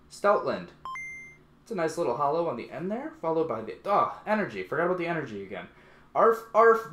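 A man giving casual, playful commentary while opening card packs, his voice jumping high when excited. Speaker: YouTube unboxing host. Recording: echoey room.

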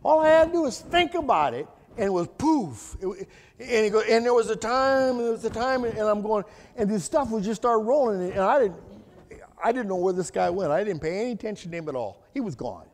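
High, animated man preaching in an echoey church. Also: a little fast. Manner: folksy, colloquial and animated storytelling. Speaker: guest speaker giving testimony. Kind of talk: storytelling sermon testimony. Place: church sanctuary. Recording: echoey church hall reverb.

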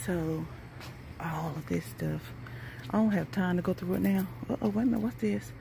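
A woman chatting excitedly to her viewers in a casual vlog, at times speaking from farther off the mic. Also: lowish voice, normal speed, gravelly, slight background noise. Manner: excitable, addresses viewers as y'all. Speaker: couponing vlogger. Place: inside a store, then at home.

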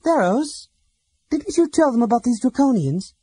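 A man reading an audiobook, voicing a young elf woman who speaks tensely and emphatically in a husky voice. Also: very high voice, sing-song, normal speed, dark tone, dry recording, voice pushed up, exaggerated voice. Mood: indignant. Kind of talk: audiobook character voice.

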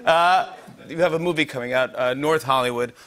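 A man's voice: medium pitch, brisk. A man in his forties hosting a late-night talk show, telling a story with lots of laughter and playing the other people in it. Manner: animated storyteller, acts out quoted voices, laughs often. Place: TV studio.

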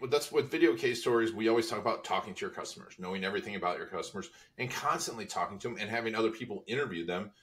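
A man's voice: on the low side, expressive, rapid-fire, few pauses, a bit bright, recorded from a distance. A man hosting an interview podcast, mostly short agreeing replies and follow-up questions. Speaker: podcast host. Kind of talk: interview chat.

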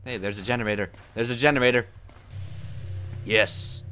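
A man doing let's play commentary on a horror game, jokey and muttering, breaking into panicked yelling when scared. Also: on the low side, a little slow, slight background noise.

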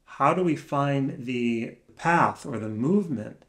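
Slow, hesitant man musing softly. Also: medium pitch, animated. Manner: hesitant, searching, halting phrases with long pauses; soft-spoken, trailing off quietly. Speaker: vlogger. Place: alone in a room.

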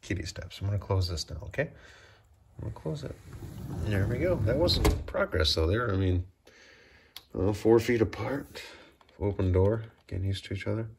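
A man's voice: lowish voice, lively intonation, normal speed, gravelly, long pauses, a little hiss or hum. A man filming a casual vlog at home, talking to his cats in coaxing baby talk and often dropping to a whisper. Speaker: cat owner filming his pets. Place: home by a sliding door.

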